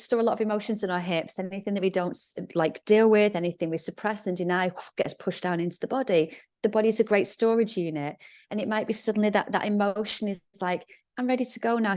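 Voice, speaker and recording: A woman's voice: medium pitch, darkish tone. A middle-aged woman, a podcast guest who teaches yoga, telling stories animatedly and acting out inner voices. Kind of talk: conversational podcast interview.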